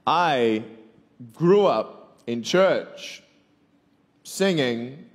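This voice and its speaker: Gravelly Australian man preaching in a hall. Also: mid-range voice, expressive, slow pace. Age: 20s. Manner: playful storyteller turning to earnest, pressing questions. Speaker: motivational Christian speaker. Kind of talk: sermon with comic stories. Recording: long hall reverb.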